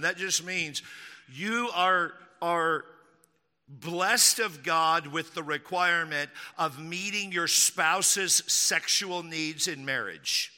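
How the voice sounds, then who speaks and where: A man from Texas preaching a sermon as pastor, emphatic, slowing down to repeat key lines and throwing in mocking asides. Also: a little high, bright, forceful tone, long reverb tail.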